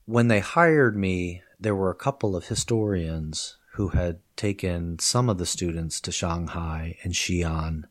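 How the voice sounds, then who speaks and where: A man, a guest on an interview podcast and a professor of Chinese, chatting casually and telling lively stories with frequent laughter. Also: deep voice, measured pace, few pauses. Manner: lively storyteller, laughs often.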